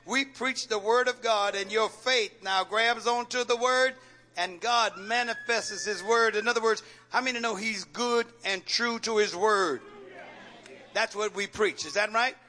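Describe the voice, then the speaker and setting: A man's voice: high voice, measured pace, sharp tone. A man pastor preaching a call-and-response sermon in church, firing rhetorical questions at the congregation, coaxing and joking.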